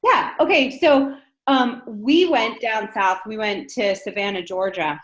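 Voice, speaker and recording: A woman's voice: mid-range voice, unhurried, a bit bright. A woman lecturing a class in a conversational way, often checking in with the room by asking "right?". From northern United States. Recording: dull lo-fi lecture recording.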